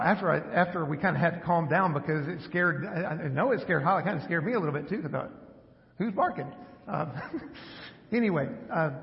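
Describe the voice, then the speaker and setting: A middle-aged man giving a relaxed, conversational church talk, telling a story with a self-deprecating touch. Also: high voice. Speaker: preacher. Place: large hall on stage. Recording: hall reverb, dull lo-fi sound.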